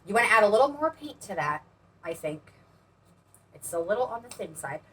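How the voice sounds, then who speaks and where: A woman's voice: medium pitch, sing-song, brisk, a bit bright. A woman co-hosting a painting channel, chatting in a bubbly, rambling way while she demonstrates paint pouring. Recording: distant mic with faint background noise.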